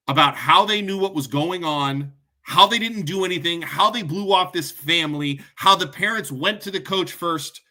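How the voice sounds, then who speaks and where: A man in full furious rant mode, hammering his points with short repeated phrases. His voice sits high and comes out sharp and forceful as he vents as a parent and coach. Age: adult, parent. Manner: furious, ranting, punchy repetition. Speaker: podcast host. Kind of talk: angry monologue to camera.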